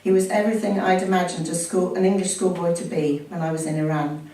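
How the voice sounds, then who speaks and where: A woman's voice: fairly low pitch, fairly quick, warm tone, a little hiss or hum. Chatty woman reading aloud in an echoey room. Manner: chatty, with laughs and self-corrections. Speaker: reader sharing a family story. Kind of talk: casual chat and reading aloud from a book. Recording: echoey room from far off, faint ambience.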